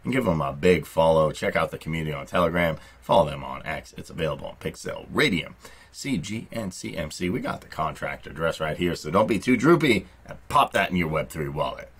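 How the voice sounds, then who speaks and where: A man with a low, slightly husky voice narrates a promotional pitch. He keeps the delivery upbeat and salesy, like a channel host hyping a product. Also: lively intonation, brisk, fairly bright tone.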